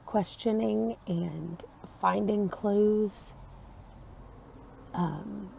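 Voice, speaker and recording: A woman chatting casually to camera about a book, indoors in the early morning, in an unhurried way. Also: mid-range voice, gravelly, dark tone, slightly rough. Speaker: book vlogger. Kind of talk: casual vlog chat to camera.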